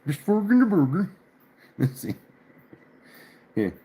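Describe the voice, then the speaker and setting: A man's voice: high voice, big pitch swings, slow, warm tone, breathy edge. A man chatting casually on a livestream, laughing often and cursing mildly. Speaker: livestream host. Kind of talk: casual live chat.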